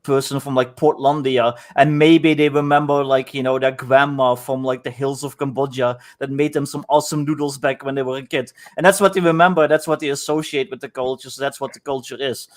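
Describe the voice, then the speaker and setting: A man's voice: mid-range voice, level tone, brisk, hardly any pauses. Rambling man in casual chat. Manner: rambling, full of "like" fillers.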